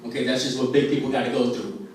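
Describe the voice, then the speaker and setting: A stand-up comedian from a Puerto Rican family in the US performs at an open mic on a restaurant stage, telling a loose, rambling story with lots of fillers and acted-out voices. His medium-pitched voice is flat and fast, recorded in a very echoey room far from the camera.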